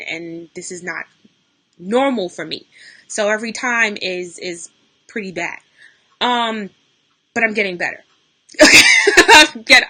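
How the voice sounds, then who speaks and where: A young woman on a live stream, speaking unscripted and close to tears, her voice going hoarse as she talks through grief and greets her viewers. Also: medium pitch, sharp tone, rough recording. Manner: tearful, talking through grief, greets viewers mid-sentence. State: losing her voice, near tears. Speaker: livestream host. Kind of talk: unscripted emotional live talk.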